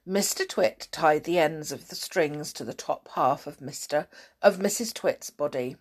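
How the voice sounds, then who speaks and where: A woman narrating a children's story aloud in an expressive, dramatic storytelling manner. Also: low-pitched, measured pace.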